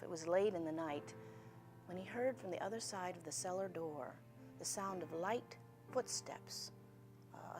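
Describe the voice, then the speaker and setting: A woman storyteller telling a ghost story in a suspenseful way, her voice sinking toward a whisper at tense moments. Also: fairly low pitch. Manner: suspenseful, dropping to near-whispers.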